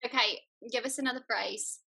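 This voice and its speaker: A woman co-hosting a casual chat, animated and quick to laugh. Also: fairly high pitch, creaky, breathy edge, poor audio. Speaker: co-host.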